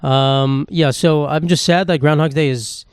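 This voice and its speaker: A man's voice: a little high, fairly even intonation, a little slow, clear, resonant tone, no room sound, clean studio sound. A young man hosting a solo podcast, rambling and swearing in a self-mocking, casual way. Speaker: podcast host. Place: home room with knickknacks.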